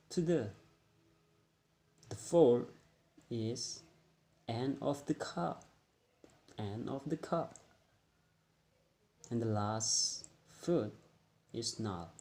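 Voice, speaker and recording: Slow, halting young man explaining. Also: mid-range voice, a little mellow. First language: Indonesian. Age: young adult. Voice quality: halting, repeats words, frequent pauses. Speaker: student presenter. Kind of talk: classroom-style explanation.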